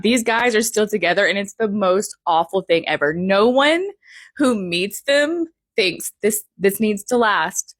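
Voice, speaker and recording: A woman's voice: mid-range voice, a bit bright. A young woman with a mid-range voice giving an emphatic, playful commentary to camera. She leans into big exaggerations. The sound is dry, with no room echo. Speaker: vlogger.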